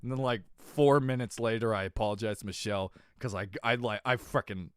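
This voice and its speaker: A young adult man chatting casually on his stream, telling stories animatedly, swinging from mumbles to loud exclamations, laughing and swearing freely. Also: medium pitch, very animated, a little fast, smooth, no room sound, clean studio sound. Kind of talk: casual chat.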